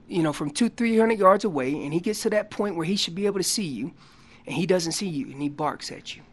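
A man on a radio show explaining elk calls in a folksy, animated way, acting out what the animals are saying. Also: high-pitched. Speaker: elk calling guest expert. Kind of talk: casual radio interview explanation. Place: radio studio.

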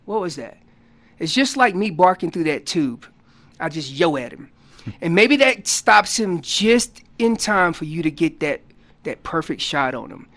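A man guest on a radio show explaining hunting calls in a casual, animated way, acting out what the animals are saying. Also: on the high side, a little slow. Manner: loose casual grammar. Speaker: elk calling champion guest. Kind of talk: instructional radio interview.

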